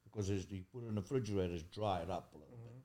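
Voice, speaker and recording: A man's voice: deep voice, very fast, a crowd in the background. An older man from Italy with an Italian accent, chatting as a guest in broken English and jumping in eagerly. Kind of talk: casual chat.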